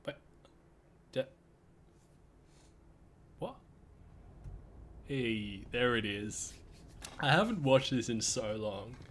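A relaxed man talks unhurriedly while streaming a game, with frequent soft chuckles and offhand swearing. His voice sits at a middle pitch. A constant wash of background noise runs under his desk mic. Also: drawn-out words, pauses often. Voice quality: laid-back, chuckling, swears casually. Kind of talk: casual gaming stream chat.

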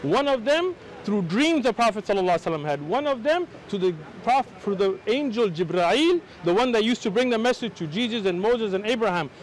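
An American man arguing religion out on a city street, his voice very high and swinging up and down as he presses his points. He keeps interrupting and talks over the other man, explaining at length in an insistent tone. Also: fast, few pauses, low-quality recording. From United States. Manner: insistent, interrupting, explaining with rising animated pitch. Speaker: Muslim street preacher. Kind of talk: heated street debate.

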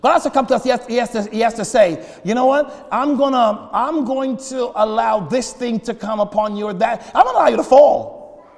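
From the pulpit, a pastor preaches in a very high voice for a man, with vocal fry and a fairly quick pace. He trips over repeated words, then breaks into shouted prayers, and the long reverb of a large church hall lingers after him.

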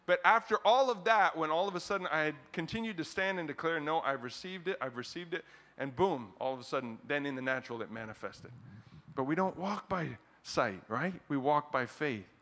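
A man in the pulpit delivers an animated sermon with a bright, forceful tone and a voice pitched a little above the usual. He swings between loud declarations and quieter stretches, then leads the congregation in prayer. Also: fairly quick. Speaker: pastor. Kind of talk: closing prayer.

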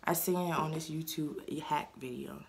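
A woman's voice: low-pitched, fairly even intonation, moderate pace, creaky, a crowd in the background. A woman vlogging casually from her home kitchen, chatting to her pets and viewers as she cooks. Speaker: lifestyle vlogger. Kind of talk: casual chat.

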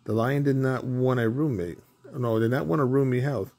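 A man reading a children's picture book aloud in a simple, deliberate way, with small stumbles over words. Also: medium pitch, a little mellow. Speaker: storybook reader. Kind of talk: children's story read aloud.

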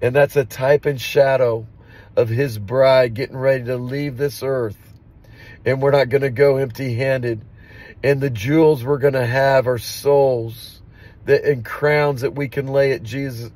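A man's voice: mid-range voice, steady tone, unhurried, a little mellow. Fervent man preaching scripture. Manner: fervent preaching, with repeated amens. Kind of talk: daily devotional scripture reading and prayer.

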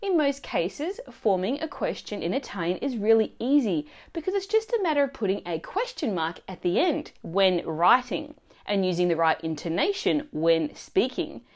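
A woman narrating a scripted language lesson in a clear, expressive teaching manner. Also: mid-range voice, normal speed, few pauses. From Australia.

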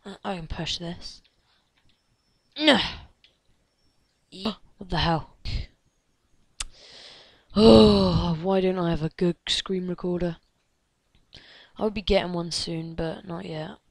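Slow-talking excitable woman gamer. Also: on the low side, vocal fry, dry recording. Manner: excitable, gasping, chattering at game characters; drops into hushed whispers. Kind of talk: let's play commentary.

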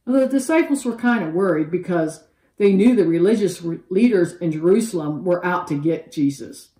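A woman teaching a children's Bible lesson, telling the story with animated, expressive voices for each character. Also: lowish voice, moderate pace, roomy sound, poor audio.

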